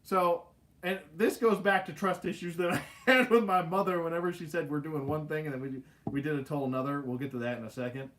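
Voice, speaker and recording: A young man casually telling a funny childhood story, animated and laughing, acting out his family's lines. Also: fairly high pitch, a little fast. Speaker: host.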